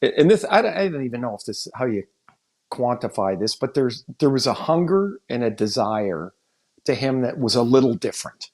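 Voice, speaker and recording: A man with a gravelly, rough-edged voice at an ordinary pitch co-hosts a sports podcast. He thinks aloud in loose, candid chat and often restarts his sentences mid-thought. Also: big pitch swings, moderate pace, darkish tone. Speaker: podcast co-host and hockey analyst.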